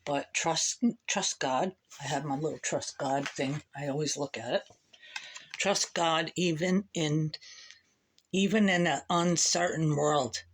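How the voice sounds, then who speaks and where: A woman vlogging a rambling, profane monologue to camera, emphatic and animated. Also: deep voice, slow.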